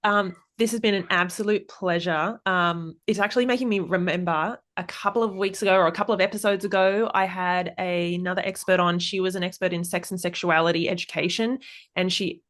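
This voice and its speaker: A woman's voice: on the low side, steady tone, brisk, fairly bright tone. A woman hosting a podcast conversation, enthusiastic and appreciative, with frequent "um"s. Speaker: podcast host.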